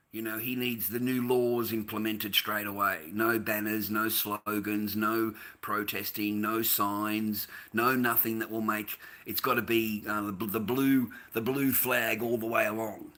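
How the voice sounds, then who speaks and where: A man's voice: lowish voice, pushed and bright. A man delivering a heated, profane, repetitive rant in a monologue. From Australia. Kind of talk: ranting monologue.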